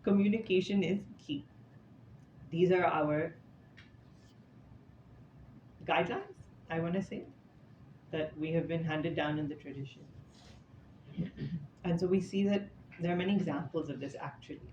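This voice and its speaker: A man's voice: a little high, animated, moderate pace, pauses often, darkish tone. A man giving an informal scripture talk, telling stories in a chatty, conversational way with casual asides. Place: indoor talk room with an audience. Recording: echoey, slightly dull room recording with faint noise.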